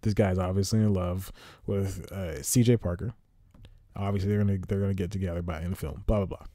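A man's voice: sits low, level tone, quick pace, mellow, no echo. A man hosting a podcast, rambling through an exasperated solo movie review full of tangents and sighs. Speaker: podcast host.

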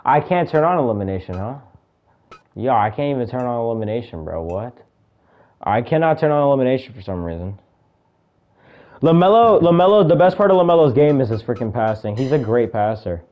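A young man casually commentating a video game he is playing, calling moves with excitement, shouting at big moments and muttering asides to himself. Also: medium pitch, a little fast, muffled recording. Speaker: gaming video creator.

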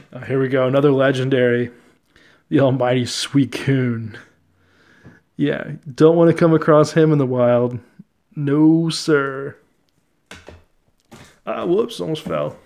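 A young man casually talking through his trading card collection, relaxed and chatty, often laughing and using fillers. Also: on the high side, moderate pace, creaky. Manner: relaxed, chatty, easily amused, many fillers.

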